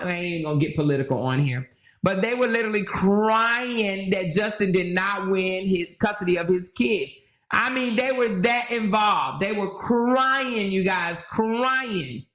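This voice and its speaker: A woman's voice: medium pitch, fairly bright tone. A woman hosting a casual livestream chat, reading viewer comments aloud and laughing often. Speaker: livestream host. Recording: roomy echo.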